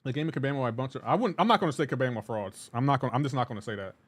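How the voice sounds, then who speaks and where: A man's voice: mid-range voice, expressive, racing, no room sound. A man streaming a game live, ranting in an exasperated way and repeating himself while reacting to chat.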